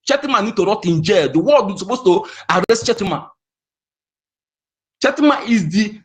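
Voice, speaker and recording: Man, impassioned caller, repeats points with a raised voice. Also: a little high. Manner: heated, repetitive, insistent. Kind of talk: impassioned call-in speech.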